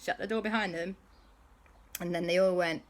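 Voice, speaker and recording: A woman telling a bedtime story in an animated way, with sound effects. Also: fairly low pitch, moderate pace.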